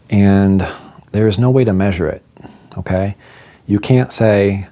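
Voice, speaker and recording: A middle-aged man tells a personal story in a relaxed, chatty way, poking fun at himself. His voice sits low and mellow. He slips into the voices of the people he quotes. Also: measured pace, pauses often. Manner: chatty, self-deprecating, acts out quoted dialogue. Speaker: vlogger telling a personal story. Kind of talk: casual storytelling monologue.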